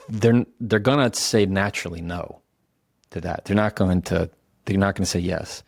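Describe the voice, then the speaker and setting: Low-voiced man coaching in a dry room. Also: creaky, no echo. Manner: conversational, self-correcting, slows down for emphasis. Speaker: communication coach. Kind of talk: casual instructional talk.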